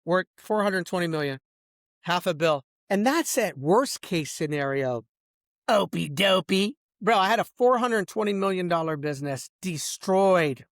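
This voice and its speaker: A man's voice: sits high, expressive, a little slow, a bit bright, no echo, clean studio sound. A man delivering a heated, boastful and profane rant about his businesses, calling the listener bro and dog, and swinging between outbursts and mutters. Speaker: business owner ranting. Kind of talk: profane rambling rant to camera.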